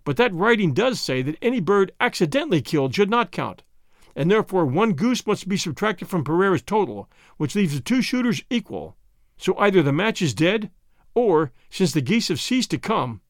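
A stern older Boer umpire, put on by a male narrator in an audiobook. He declares his rulings loudly and forcefully, and his voice rises and falls widely in a high register. The recording is dry and close. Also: very animated, moderate pace, no echo. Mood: indignant.

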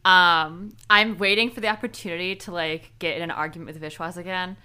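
A woman's voice: fairly low pitch, steady tone, fairly quick, pushed and bright, clear, resonant tone. A woman co-hosting a casual podcast, chatting in a laid-back way and laughing often. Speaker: podcast co-host.

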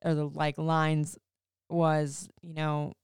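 Woman in her 30s, deep voice with fry, heartfelt chatty host. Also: level tone, takes it slowly, darkish tone, dry recording, clean studio sound. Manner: emotional, chatty, many "like"s and "you know"s. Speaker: podcast host. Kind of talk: casual personal storytelling.

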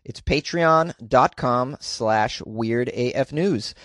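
Speaking slowly in a mid-range, slightly bright voice, a man hosting a comedy podcast rambles through a casual monologue full of fillers and self-deprecating jokes. The studio-quality recording has no echo.

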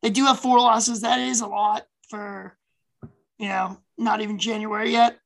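A woman's voice: medium pitch, fairly even intonation, moderate pace, gravelly, poor audio. A woman co-hosting a sports podcast, chatting casually and animatedly with plenty of fillers. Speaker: podcast co-host.

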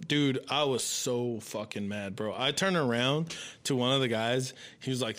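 A man in casual chat, telling a story in an animated, profane way and acting out the voices of people in it. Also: medium pitch, a little fast.

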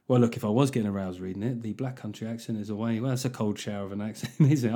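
A man's voice: mid-range voice, animated, fast talker, mellow. A man hosting a casual solo podcast, reading out listener reviews with jokey, self-mocking and sweary banter. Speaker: podcast host.

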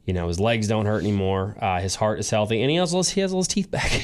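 A man co-hosting a casual podcast, telling an emotional story with many restarts and pauses, teary at times. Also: fairly low pitch, animated, clean tone. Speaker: podcast co-host. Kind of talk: casual chat.

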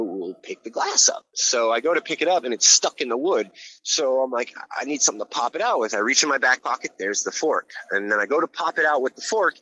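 A man who grew up in Hawaii, telling a long story in a casual, profane, rambling way and getting loud when he reenacts scenes. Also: mid-range voice, slight background noise. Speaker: guest telling his story. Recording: slightly dull, lo-fi sound.

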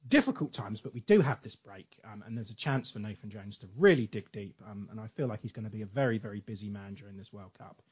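A man's voice: fairly low pitch, quick pace, hardly any pauses, darkish tone, husky, highs cut off. A man co-hosting a casual podcast chat, leading the talk and steering the questions. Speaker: podcast co-host.

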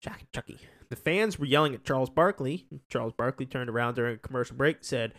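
A man's voice: medium pitch, fast talker, hardly any pauses, fairly bright tone. A man co-hosting a sports podcast in casual chat, easygoing, often chiming in with short agreeing replies. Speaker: podcast co-host. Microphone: podcast microphone.

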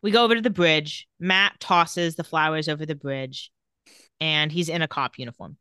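In a relaxed recap podcast, this co-host, a woman with a slightly low, clear and resonant voice, goes scene by scene at a moderate pace and reads quotes without much expression. There's no room sound; the audio is dry and close.

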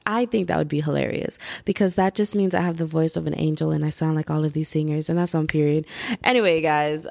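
A woman's voice: low-pitched, gravelly, a little mellow, dry recording. A young adult woman hosting a casual solo podcast, chatty and rambling, laughing at herself and tossing in lots of "like" and "y'all", recorded at home under a blanket. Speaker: podcast host.

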